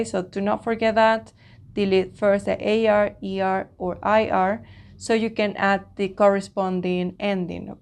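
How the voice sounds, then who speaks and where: A woman's voice: mid-range voice, darkish tone. Patient woman teaching an online lesson. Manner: patient, explains step by step, often checks with "okay?". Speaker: Spanish teacher.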